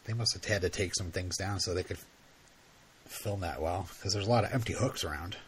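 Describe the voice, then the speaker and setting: A man co-hosting a movie commentary podcast, chatting casually and laughing easily. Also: a little fast. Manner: laid-back, chuckling, animated pitch. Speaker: podcast co-host.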